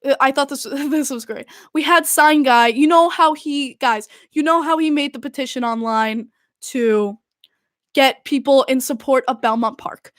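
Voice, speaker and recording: High-voiced young woman, dry close sound. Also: normal speed, no echo. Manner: animated, exasperated storytelling full of "like". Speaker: podcast host. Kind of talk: casual recounting.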